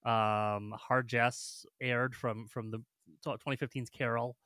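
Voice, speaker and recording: A man's voice: mid-range voice, little pitch movement, unhurried, pushed and bright, dry recording. A man co-hosting a film podcast in casual chat, hesitant with many ums and posing questions to his co-host.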